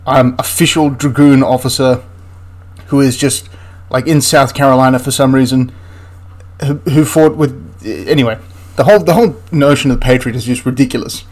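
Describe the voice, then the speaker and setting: A man's voice: mid-range voice, moderate pace. A man hosting a history channel, ranting through a film critique in an exasperated, rambling way with frequent restarts.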